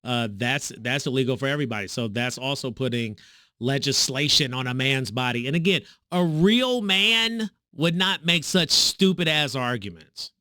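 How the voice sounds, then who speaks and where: A man's voice: normal speed, no room sound, studio quality. Sarcastic male reaction-video host. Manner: sarcastic, mocking, animated pitch swings. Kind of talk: reaction commentary.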